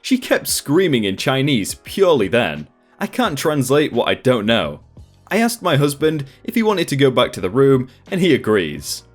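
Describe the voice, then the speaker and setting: A man hosting a storytime channel, reading online stories aloud in a lively, expressive scripted narration. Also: medium pitch, normal speed, soft background music.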